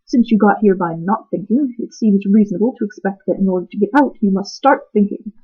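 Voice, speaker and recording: A woman voicing a stern, scolding male watchdog in a storybook reading, in a gruff manner with a husky voice on a tinny line. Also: mid-range voice, fairly quick. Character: grumpy stern male watchdog with clock body. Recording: tinny phone-like sound.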